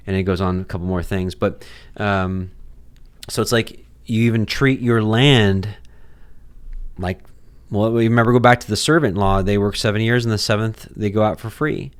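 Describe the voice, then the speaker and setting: A young man teaching a weekly Bible portion in a relaxed, conversational way, full of fillers and restarts, acting out mock exchanges. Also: lowish voice, moderate pace, clear, resonant tone. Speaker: Torah teacher.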